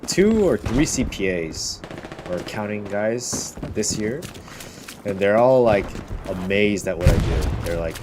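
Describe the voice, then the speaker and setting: A boastful man talks in a loose, profane way, with a low-pitched voice. Heavy gunfire and artillery from the game he plays pound loudly behind him. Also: lively intonation, measured pace, very noisy. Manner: brash, profane, bragging. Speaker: gaming streamer. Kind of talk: boastful casual gameplay commentary. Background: loud gunfire and artillery from the game.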